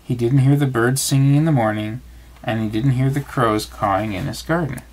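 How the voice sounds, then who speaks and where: A father reading a bedtime story aloud, calm and expressive. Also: medium pitch, normal speed.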